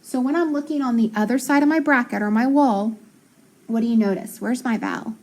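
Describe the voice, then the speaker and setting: Patient woman teaching phonics, slightly high. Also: a little mellow. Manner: patient, slow and clearly sounds out words. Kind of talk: recorded lesson for young students.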